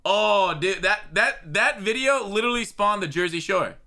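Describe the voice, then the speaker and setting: A man's voice: high voice, moderate pace, pushed and bright. A man hosting a casual podcast, talking with many stumbling restarts. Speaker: podcast host.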